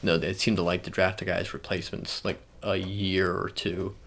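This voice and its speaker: A young man speaking in a soft ASMR style, chatting casually and rambling with many fillers and restarts. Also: sits low, flat delivery, moderate pace, gravelly. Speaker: ASMR channel host. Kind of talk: soft-spoken ASMR sports talk.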